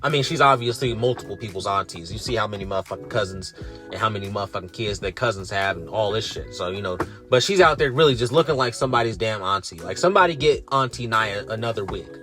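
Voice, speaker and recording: A man's voice: fairly low pitch, quick pace, a bit bright, soft background music. Profane, exasperated man ranting. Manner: profane, sarcastic, exasperated, voice rising in disbelief. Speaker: wrestling show reviewer. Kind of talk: ranting show review.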